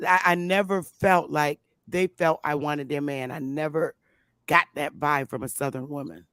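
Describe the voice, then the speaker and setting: Woman host, casual chat, emphatic and animated, dry close sound, mid pitch. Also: moderate pace, clean tone, no echo. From Connecticut, US. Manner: animated, emphatic, exclaims loudly. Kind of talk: casual talk show chat.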